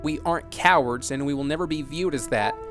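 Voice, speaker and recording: A man's voice: on the high side, a little fast, music in the background, lightly acted. A man reading as a scornful killer clown. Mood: defiant. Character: menacing male killer clown leader, scornful.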